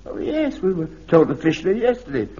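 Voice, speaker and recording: A gentle, timid old man, polite and hesitant. His voice rises and falls a good deal. It comes from a dull, lo-fi vintage radio comedy recording. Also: high voice, very animated, fairly quick. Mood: mild. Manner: soft-spoken, hesitant.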